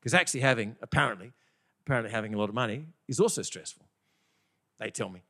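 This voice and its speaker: A man preaching a sermon in a conversational, animated way, often asking the congregation questions. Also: lowish voice, fast.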